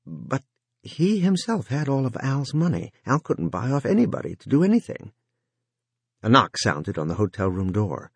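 A man narrating a novel in a measured, expressive reading. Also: mid-range voice, vocal fry, breathy edge, no echo. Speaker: audiobook narrator. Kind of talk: scripted narration.

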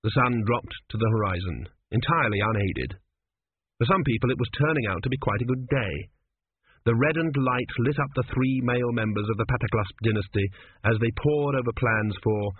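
A man's voice: lowish voice, normal speed, breathy edge, no echo. A man narrating an audiobook with a dry, wry delivery. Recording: tinny phone-like band, dry.

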